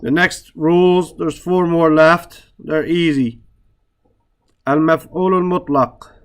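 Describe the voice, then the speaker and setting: A man teaching Arabic grammar in a relaxed way, stressing words for emphasis and often checking in with "right?". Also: fairly high pitch, normal speed, smooth. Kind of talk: relaxed classroom explanation.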